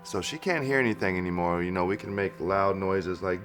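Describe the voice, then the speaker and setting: A man talking casually in an interview about his dogs, relaxed, with fillers. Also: low voice, fairly quick, hardly any pauses. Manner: relaxed, with fillers and small laughs. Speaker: dog owner. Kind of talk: interview talk. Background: music.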